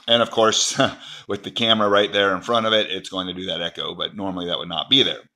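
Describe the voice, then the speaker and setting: Bright-voiced man casually demoing a gadget. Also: low-pitched, steady tone, quick pace, creaky. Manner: easygoing, thinking aloud with fillers. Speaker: product reviewer. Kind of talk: casual product demo.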